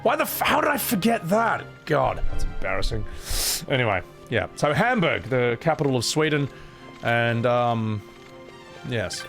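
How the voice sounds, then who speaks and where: A young man casually commentating his first playthrough of a game, excitable and self-mocking, laughing and swearing as he goes. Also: medium pitch, a little slow, vocal fry, faint music behind. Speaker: streamer voicing game characters. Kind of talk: casual let's-play commentary.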